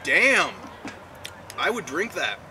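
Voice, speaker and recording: A man in casual chat, joking and swearing as he presents odd beers. He is recorded outdoors at an event, with steady background noise clearly audible behind him. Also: fairly high pitch, takes it slowly. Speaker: airsoft team member hosting a beer tasting.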